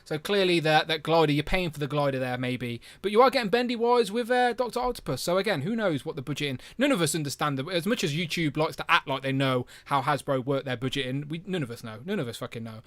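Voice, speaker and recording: A man's voice: a little high, fast, hardly any pauses, no echo. A young man hosting a casual live stream, chatty and jokey, reading out viewer comments.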